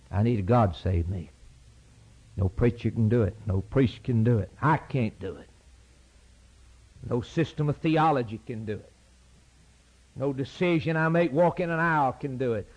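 A man preaching a sermon in a rhythmic, repeating cadence. His voice leaps to loud, high peaks and then sinks low and quiet. It is a middle-pitched voice on a dull, lo-fi recording. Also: lively intonation, normal speed, pauses often, slightly rough. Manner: impassioned, rising to shouted peaks then dropping low.

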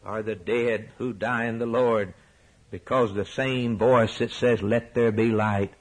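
A male preacher delivering a sermon with rhetorical repetition, rising to soaring emphatic peaks and dropping to hushed low lines. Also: steady tone, a little slow, rough recording.

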